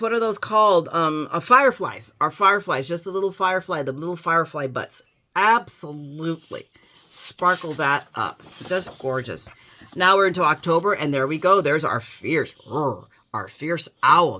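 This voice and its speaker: A woman's voice: low-pitched, pushed and bright. A woman showing off a paper haul in a casual vlog, gushing with enthusiasm and reading quotes aloud. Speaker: scrapbooking vlogger.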